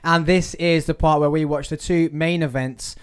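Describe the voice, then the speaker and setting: A man's voice: a little high, fairly even intonation, normal speed, clean tone. A young man hosting a casual podcast, jokey and teasing, breaking into mock accents as he banters with his guests. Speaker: podcast host.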